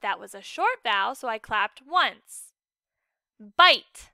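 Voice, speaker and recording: A woman's voice: on the high side, very animated, creaky, pushed and bright, dry recording, clean studio sound. A woman teacher giving a recorded phonics lesson for children, patient and encouraging, drawing out each word with exaggerated care. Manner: slow, exaggerated enunciation of words.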